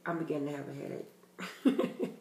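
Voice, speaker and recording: Man, tarot reader, casual vlog, blunt, emphatic, swears, gravelly voice, echoey room. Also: a little high, lively intonation, measured pace, darkish tone.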